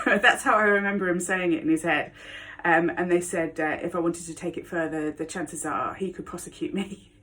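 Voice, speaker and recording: Frank woman with a lower voice. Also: steady tone, moderate pace, a bit bright. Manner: frank, blunt, laughs often while telling it. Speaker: vlogger. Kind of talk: candid personal story to camera.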